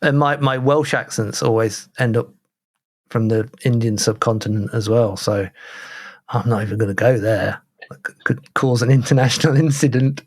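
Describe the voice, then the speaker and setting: A British man co-hosting a podcast, chatting casually with a jokey, self-mocking manner and an animated delivery. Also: mid-range voice, moderate pace. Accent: British English. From Britain. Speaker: podcast co-host. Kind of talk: casual chat.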